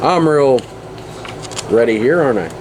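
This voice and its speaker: A man's voice: medium pitch, lively intonation, normal speed, noisy background. A man in his forties hosting a casual podcast, rambling and chuckling often. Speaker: podcast host.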